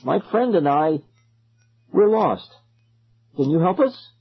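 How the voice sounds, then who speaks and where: A man's voice: a little high, big pitch swings, slow pace, gravelly, breathy edge, dull audio, voice pushed up, heavily acted. A man voicing a frightened, lost child who pleads in a raised, tense voice.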